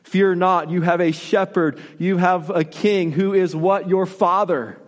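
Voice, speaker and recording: A man's voice: high-pitched, steady tone, unhurried, long reverb tail. A man preaching a sermon in an earnest, repetitive style with rising emphasis. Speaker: pastor.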